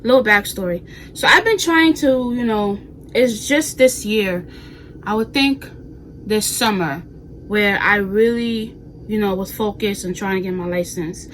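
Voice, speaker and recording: Bright-voiced sassy young woman vlogging. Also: medium pitch, a little slow, a little hiss or hum, rough recording. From New York, US. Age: 20s. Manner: animated, sassy, talks straight to viewers with slang. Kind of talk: casual vlog chat. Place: bedroom at home.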